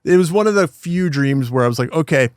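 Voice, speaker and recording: A man's voice: fairly high pitch, lively intonation, brisk, dry recording, clean studio sound. A man co-hosting a casual podcast, mostly chiming in with short agreeing replies. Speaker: podcast co-host.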